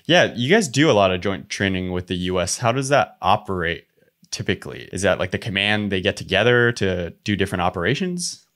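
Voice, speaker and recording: A man's voice: sits low, lively intonation, brisk, a bit bright. A man from Quebec, French his first language, hosting a podcast in a laid-back, chatty way. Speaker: podcast host. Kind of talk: casual interview.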